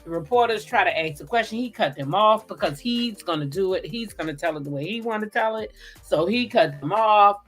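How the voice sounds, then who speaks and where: A woman's voice: medium pitch, animated, fairly quick, a bit bright, soft background music. A woman hosting a casual livestream recap, chatting loosely, greeting viewers by name and cursing freely. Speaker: host.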